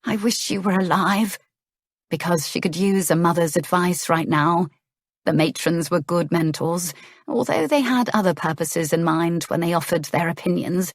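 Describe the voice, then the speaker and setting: A woman narrating a romance audiobook in a measured, gentle storytelling manner. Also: fairly low pitch, no room sound, studio quality.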